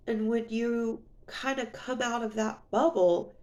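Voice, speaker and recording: A woman's voice: a little high, fairly even intonation, measured pace, darkish tone. A woman telling a personal story in a casual vlog, rambling and full of "you know", sniffly and near tears. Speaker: vlogger.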